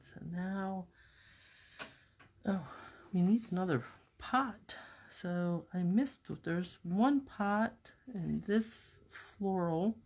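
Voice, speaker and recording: A woman calmly narrating a card-making tutorial step by step, talking herself through each task as she works at her craft table. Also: medium pitch, drawn-out words. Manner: calm, step-by-step, talks to herself while working. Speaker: papercraft demonstrator.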